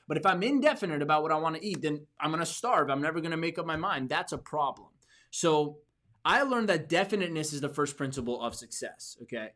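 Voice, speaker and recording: A man's voice: on the high side, animated, quick pace, pushed and bright. A man hosting a podcast for entrepreneurs, giving a motivational talk with emphatic repeats and restarts. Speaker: podcast host.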